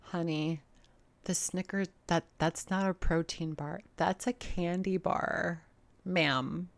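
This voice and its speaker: A woman's voice: on the low side, fairly even intonation, slow pace, creaky. A woman hosting a reaction video, talking bluntly and sarcastically and swearing often. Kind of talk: casual commentary.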